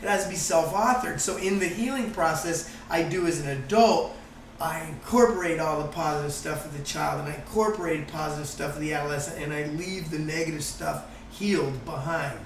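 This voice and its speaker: Guy with a high voice, animated, swears a lot, sounds far from the mic w/ faint hiss. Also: brisk, roomy sound. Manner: animated, swears freely, acts out quoted voices. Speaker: guest, course founder. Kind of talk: casual group conversation.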